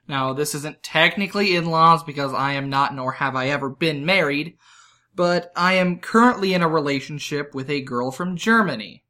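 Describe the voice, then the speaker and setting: A young man co-hosting a casual podcast, telling animated stories. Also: fairly high pitch, normal speed. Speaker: podcast co-host.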